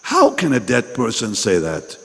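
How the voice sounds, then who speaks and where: Male preacher: deliberate, lively delivery, husky edge, with long hall reverb. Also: on the low side. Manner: emphatic, repeats phrases, questions the audience directly. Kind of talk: sermon at a pastors' meeting.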